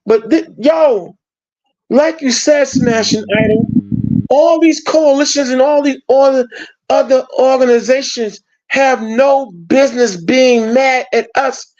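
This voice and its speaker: A man's voice: very high-pitched, fairly even intonation, takes it slowly. A man speaking with passion and grievance in a heated online discussion, over dull lo-fi stream audio. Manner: passionate, aggrieved. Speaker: panel speaker.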